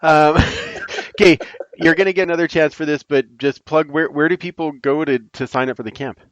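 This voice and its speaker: A man's voice: on the high side, fairly even intonation, normal speed, dry recording, dull audio. A man co-hosting a podcast, chatting in an upbeat, joking way. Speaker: podcast co-host. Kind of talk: casual podcast chat.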